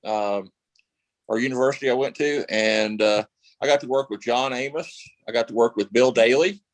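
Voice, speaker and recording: A man's voice: medium pitch, moderate pace, no echo, poor audio. Rambling man telling stories, dry sound. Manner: rambling, many fillers and restarts. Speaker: actor guest. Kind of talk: casual interview storytelling.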